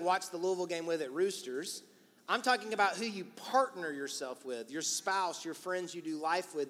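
A male pastor preaching an energetic, emphatic, encouraging sermon in church. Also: high voice. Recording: long church-hall reverb.

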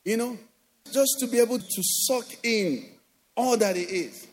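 A man with a Nigerian accent preaching a sermon as pastor, animated, acting out quoted voices and often asking "do you understand?". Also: very high voice, measured pace, husky. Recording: long hall reverb.

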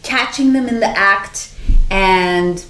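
A woman's voice: medium pitch, slow, fairly bright tone, echoey room, a little hiss or hum, poor audio. A woman in casual chat, retelling a film's plot and acting out lines in put-on voices. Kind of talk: casual movie recap chat.

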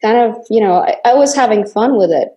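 Animated young woman from Kazakhstan. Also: mid-range voice, fairly quick. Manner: animated storytelling with frequent restarts and laughter. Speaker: actress guest. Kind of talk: casual interview conversation.

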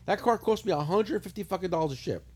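A middle-aged man with a high, lively voice rattles through a story at top speed, swearing constantly. He hosts a loose, casual chat, and his pitch swings up and down all the way through. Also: fast talker, slightly rough. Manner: profane, animated storytelling. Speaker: podcast host.

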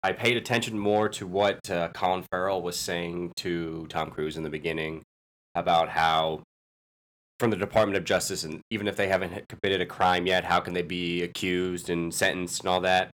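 A man's voice: low-pitched, fairly even intonation, moderate pace, a bit bright. A man co-hosting a casual movie podcast, talking in an enthusiastic, opinionated way. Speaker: podcast co-host.

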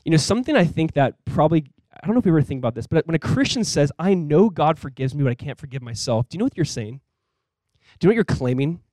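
A male pastor in his thirties preaching a sermon in a conversational, animated way, with quick asides. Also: fairly high pitch, dry recording.

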